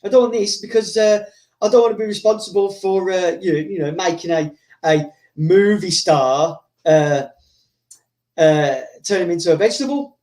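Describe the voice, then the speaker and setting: A man voicing a nervous male fight venue owner who apologizes and tries to calm things down. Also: sits high, normal speed, distant mic, natural voice. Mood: anxious. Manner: placating, apologetic.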